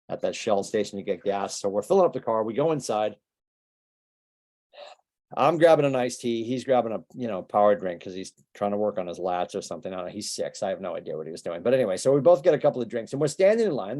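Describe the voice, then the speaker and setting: A man's voice: fairly low pitch, warm tone. A man coaching a room of agents in a motivational training talk, talking casually and firing off rhetorical questions. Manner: conversational, rapid-fire rhetorical questions. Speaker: business coach.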